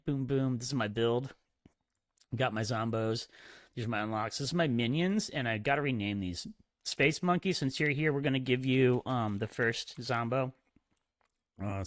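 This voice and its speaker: A man's voice: medium pitch, no room sound, studio quality. A young man hosting a live game stream, chatting casually and upbeat with lots of fillers as he plays. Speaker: streamer host. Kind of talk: casual live-stream chat while playing.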